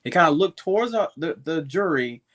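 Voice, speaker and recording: A man on a live panel, talking through an episode in a relaxed, conversational way. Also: a little high, brisk. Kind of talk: casual panel discussion.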